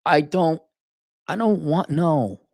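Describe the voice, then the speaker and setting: A man's voice: on the high side, lively intonation, takes it slowly, gravelly, a little mellow, dry recording, studio quality. An older man in a casual opinion monologue, blunt and profane, often acting out mocking quotes in a raised, exasperated voice. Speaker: commentator.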